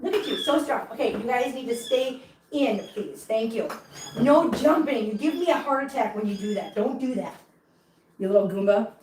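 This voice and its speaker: A woman vlogging at home with her cats, switching between soft baby talk to kittens and chatty asides to viewers. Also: a little high, moderate pace, roomy sound, slight background noise, low-quality recording. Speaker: cat channel vlogger. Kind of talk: casual vlog chat.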